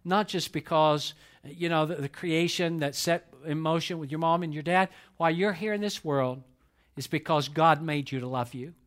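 High-voiced man preaching with passion. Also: normal speed. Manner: impassioned, repetitive preaching with sudden swells and hushed drops. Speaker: pastor. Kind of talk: sermon. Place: church service.

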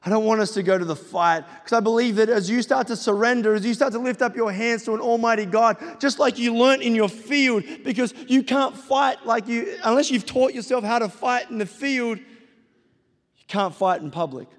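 A man's voice: very high-pitched, moderate pace. A middle-aged man preaching a sermon, calling on his listeners with repeated urgent exhortations. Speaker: pastor. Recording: long reverb of a large hall.

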